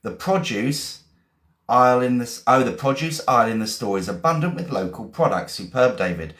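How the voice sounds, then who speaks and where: A man's voice: medium pitch, animated, moderate pace, fairly bright tone. A man teaching vocabulary on a live stream, reading viewers' sentences aloud and praising them. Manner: encouraging, reads out viewers' sentences. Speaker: English teacher. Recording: echoey room.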